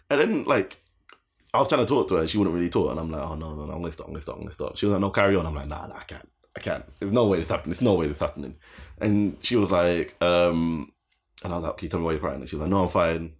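A young man with a deep, husky voice tells a rambling story, swearing freely and laughing as he goes. His pitch swings widely as he acts out what each person said. This is a loose, casual podcast chat. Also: lively intonation, quick pace.

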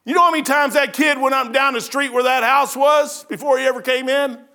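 Bright-voiced, high-pitched preacher. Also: male voice, steady tone, fairly quick, vocal fry. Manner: folksy storytelling, swings between loud bursts and quiet asides. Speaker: pastor. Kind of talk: sermon with personal stories.

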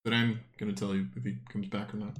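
A man's voice: lowish voice, flat delivery, quick pace, very noisy. A man narrating as game master of a tabletop game, rambling and hesitant, with many fillers and self-corrections.

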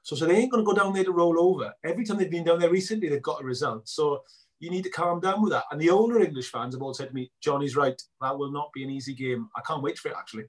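Man, middle-aged, animated storyteller, husky, quick delivery. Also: on the high side. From Wales. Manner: animated storyteller acting out both sides of conversations. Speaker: guest filmmaker. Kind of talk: casual interview chat.

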